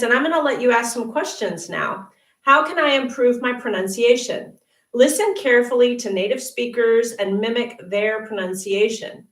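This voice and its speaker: A woman teaches English in an unhurried, encouraging way, stretching words out so viewers can repeat after her. Her voice sits a little back from the mic, and the room rings around it. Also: on the high side, recorded from a distance. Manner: encouraging, chatty, repeats words slowly for learners. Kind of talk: live Q&A lesson. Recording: roomy and off-mic.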